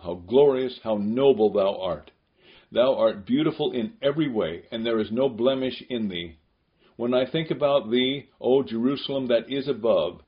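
A man giving a scripted devotional reading in a solemn, measured, prayerful way, on a dull lo-fi recording. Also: mid-range voice.

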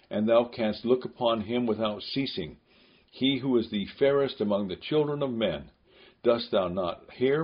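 A man giving a scripted devotional reading in a solemn, measured, prayerful way, on a dull lo-fi recording. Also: lowish voice.

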